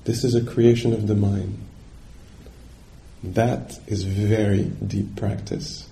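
A man's voice: lowish voice, level tone, slow, vocal fry, dark tone, slight background noise. A man giving a dharma talk as a meditation teacher, searching for words and checking in with his listeners.

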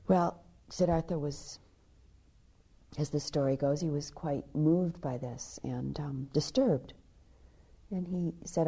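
A female meditation teacher delivers a dharma talk, softly recounting a teaching story and slipping into hushed, almost whispered stretches. Her voice is low and slow, with a breathy edge.

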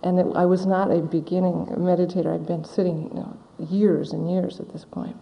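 A middle-aged woman giving a dharma talk as a meditation teacher, telling a story in a slow, gentle, reflective way. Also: fairly low pitch, flat delivery, creaky. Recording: dull audio in a large hall with long reverb.

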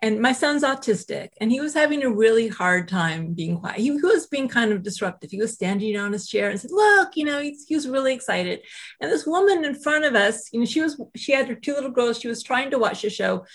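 A middle-aged woman talks through a personal story as a guest author. Her voice sits fairly high and carries a breathy, airy edge, and she gets animated when she acts out quotes, with a self-deprecating humor. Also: a little fast. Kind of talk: conversational storytelling.

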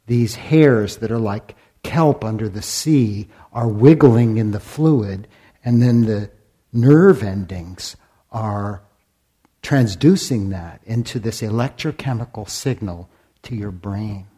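Slow, husky-voiced man giving a dharma talk. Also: on the low side, mellow. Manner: asks the listeners many rhetorical questions; deliberate, with long pauses, sometimes dropping to a whisper. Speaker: meditation teacher.

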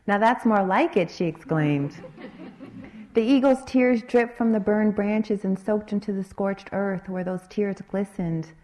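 A woman meditation teacher telling a dharma story in an expressive, rhythmic way. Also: medium pitch, measured pace.

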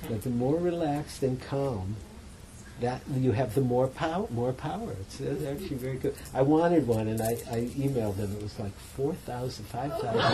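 A man, a meditation teacher, giving a dharma talk in a meditation center hall, telling a story in a relaxed, chatty, self-mocking way. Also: mid-range voice. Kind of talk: dharma talk to a retreat audience.

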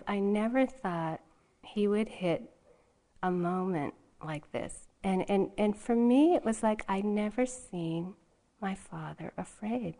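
Woman meditation teacher, casual storyteller, quick to laugh, informal talk to a retreat audience. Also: fairly high pitch. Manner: conversational storytelling with frequent laughter. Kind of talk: dharma talk. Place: retreat hall.

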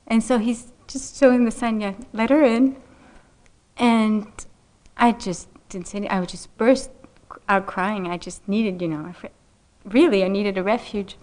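A middle-aged woman meditation teacher telling a personal story in a dharma talk, unhurried and gentle, laughing softly often. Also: mid-range voice, steady tone. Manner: unhurried, gentle, frequent soft laughs and "you know".

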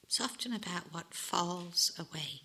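A woman meditation teacher giving a gentle, reflective dharma talk, with soft whispered asides. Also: on the low side, a little slow, breathy edge, poor audio.

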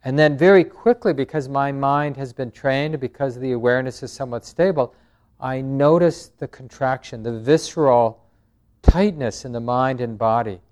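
A man teaching a meditation class, speaking in a calm, gentle way and answering questions from the group. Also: medium pitch, moderate pace. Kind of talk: dharma talk with group questions.

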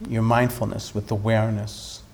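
A man, a meditation teacher, telling a story in a dharma talk with animated delivery and frequent restarts. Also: lowish voice, normal speed, creaky, a little hiss or hum.

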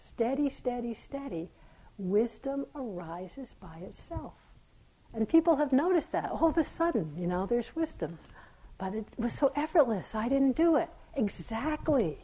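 A woman meditation teacher giving a gentle, reflective dharma talk, her voice sometimes falling to a soft near-whisper. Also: a little high, slightly rough, poor audio. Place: meditation hall.

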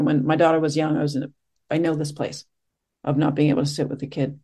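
A middle-aged woman meditation teacher, giving a reflective dharma talk with frequent pauses and restarts. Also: low voice, fairly even intonation. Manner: soft-spoken, reflective, with frequent fillers and restarts.

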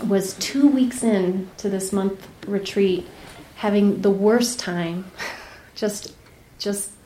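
A woman meditation teacher giving a dharma talk, telling a personal story candidly, laughing often and dropping to soft, near-whispered asides. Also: medium pitch, roomy sound, a little hiss or hum. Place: retreat center meditation hall.

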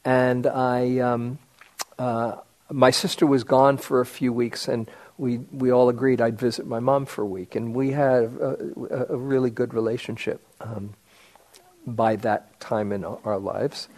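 An older man telling a personal story in a meditation talk, halting with many fillers and restarts. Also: mid-range voice, fairly even intonation, a little mellow. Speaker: meditation teacher.

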